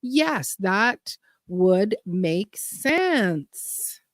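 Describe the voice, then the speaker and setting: A woman's voice: mid-range voice, big pitch swings, very slow, dry recording, studio quality. A woman hosting a gardening channel livestream, chatting casually and rambling as she reads viewer comments aloud.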